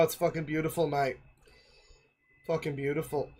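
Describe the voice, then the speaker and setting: A man's voice: on the high side, moderate pace, a bit bright. A male streamer giving casual, rambling reaction commentary full of jokes and fillers. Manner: rambling, joking, many fillers.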